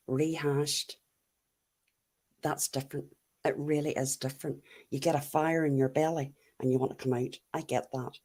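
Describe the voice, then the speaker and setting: A woman's voice: sits low, warm tone, slightly rough. A middle-aged Irish woman chatting casually as she answers live comments, blunt and laughing often. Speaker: YouTube livestream host.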